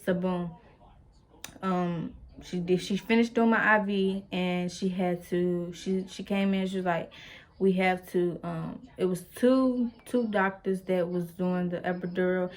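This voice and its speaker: Here the young vlogger's voice is on the low side, with fairly even intonation and a slightly slow pace. She chats her way through a personal story, rambling, filling gaps with fillers and making playful comments to the viewer.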